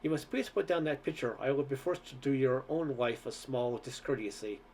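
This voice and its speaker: A man reading a story aloud, voicing a huge male henchman who speaks deeply and softly with courteous menace. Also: brisk, slight background noise, lightly acted. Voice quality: deep and soft. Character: huge soft-spoken male giant henchman, politely menacing.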